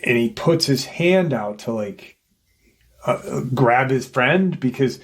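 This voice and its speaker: A man hosting his channel, slowly retelling an eerie encounter in casual, rambling storytelling and acting out the voices he quotes. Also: mid-range voice, lively intonation.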